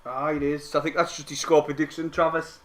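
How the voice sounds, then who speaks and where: An excitable young man calls a football match live for his viewers. His voice sits fairly high, and he swears freely and talks straight to the chat. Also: fairly quick. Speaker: football fan streamer commenting on a live match. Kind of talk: casual live match commentary.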